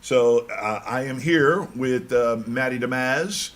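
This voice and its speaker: A man's voice: medium pitch, takes it slowly, a bit bright. A man hosting a casual sports talk show, joking around and rambling with lots of restarts. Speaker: podcast host.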